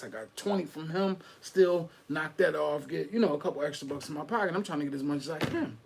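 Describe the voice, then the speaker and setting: Middle-aged Philly man, slightly high voice, lively slang-heavy storyteller on a podcast. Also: a little fast, vocal fry. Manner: animated street-slang storytelling. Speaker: podcast host. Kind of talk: casual storytelling.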